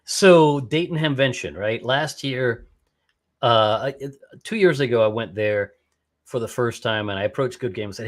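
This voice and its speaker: A podcast guest who skydives and operates ham radio talks casually at a moderate pace in a medium-pitched voice. He's enthusiastic and rambling, frequently breaking off, restarting, and tagging on "right?"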